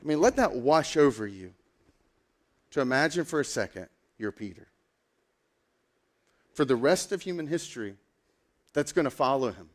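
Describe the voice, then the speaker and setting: A man preaching a sermon as a pastor, telling a story in a casual, animated way with lots of fillers. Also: medium pitch, moderate pace, long pauses.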